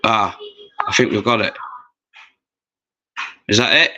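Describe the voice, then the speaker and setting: A man's voice: on the low side, slow pace, sharp tone. A man, chatting casually and swearing freely while hosting a livestream. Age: 40s. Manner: rambling, sweary, chatty with viewers. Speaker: livestream host.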